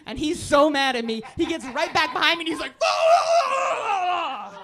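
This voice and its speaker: A woman doing a live stand-up set on a club stage, brash and profane, breaking into shouts and laughing at her own lines. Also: sits high, quick pace. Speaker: stand-up comedian. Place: comedy club stage before a live audience.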